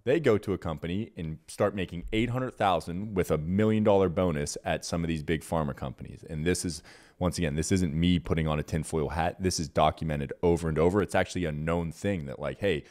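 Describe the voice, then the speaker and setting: Low-voiced indignant podcast man. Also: fairly quick, a little mellow. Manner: indignant, emphatic, profane. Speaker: podcast co-host. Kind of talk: casual political chat.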